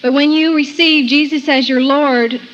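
A woman's voice: sits high, steady tone, moderate pace, fairly bright tone, highs cut off, soft background music. A woman giving an earnest personal Christian testimony, often laughing between sentences and quoting scripture.

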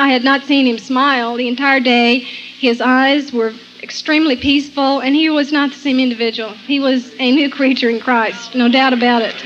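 High-voiced woman telling her testimony. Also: fairly bright tone, dull audio, slight background noise. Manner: earnest, laughs between sentences, quotes scripture. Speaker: Christian testimony speaker. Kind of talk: personal testimony storytelling.

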